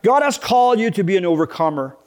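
Middle-aged man, pastor, high-pitched, earnest sermon delivery with frequent restarts. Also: animated, fast. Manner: earnest, repeats and restarts words while preaching.

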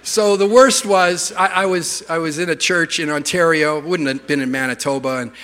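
Canadian man preaching, bright and high. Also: moderate pace, long reverb tail. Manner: humorous storytelling, lively. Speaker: pastor. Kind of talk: sermon. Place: church.

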